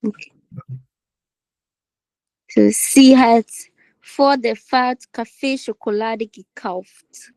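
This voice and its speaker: Slow, hesitant female language student. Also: a little high, fairly even intonation, darkish tone, dry recording, rough recording. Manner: hesitant, slowly piecing sentences together. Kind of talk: answering in a language class.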